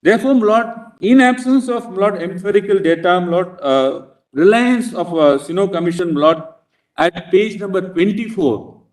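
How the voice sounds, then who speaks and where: A man with an Indian accent, arguing as an advocate before a court in a formal, halting manner, constantly addressing the bench. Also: sits high. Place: large courtroom. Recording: roomy courtroom audio from a distance.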